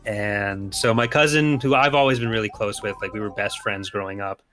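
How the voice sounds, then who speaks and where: A man's voice: fairly low pitch, steady tone, a little fast, fairly bright tone, soft background music. A young man telling a story casually while playing a racing game, laid-back and sweary, laughing through it. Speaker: co-player.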